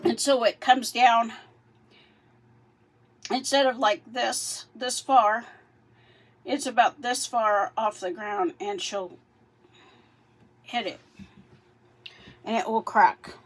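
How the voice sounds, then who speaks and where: A woman's voice: a little high, fairly even intonation, takes it slowly, long pauses. A woman vlogging outdoors about her backyard chickens, chatting in a rambling way while doing chores and getting out of breath. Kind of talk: casual vlog.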